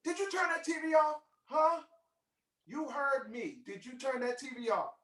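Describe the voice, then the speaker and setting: A man voicing his stern mother scolding him as a boy, asking sharp, demanding questions in an echoey room, away from the mic. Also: extremely high pitch, moderate pace, voice pushed up. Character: stern mother scolding her young son. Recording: echoey room audio from far off.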